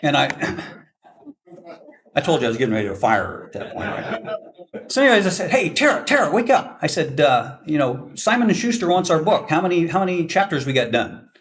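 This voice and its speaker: A man's voice: a little high, expressive, moderate pace, slight background noise. An older man, a veteran forward air controller, telling a self-deprecating story to an audience and acting out the dialogue. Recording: voice from a distance.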